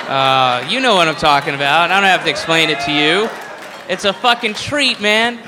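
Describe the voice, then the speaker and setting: A man's voice: on the high side, noisy background. A man doing a rambling, profane stand-up comedy routine on a stage mic. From American South. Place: live venue stage. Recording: reverberant live hall, faint ambience.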